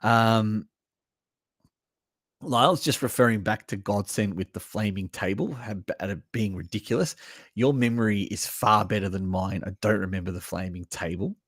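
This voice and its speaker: A man's voice: on the low side, normal speed, no room sound, clean studio sound. A man hosting a live stream, reacting bluntly and with lots of swearing to a list of horror movies. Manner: animated, blunt and sweary, reads chat comments aloud. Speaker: livestream host reviewing horror movies. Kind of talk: casual live reaction chat.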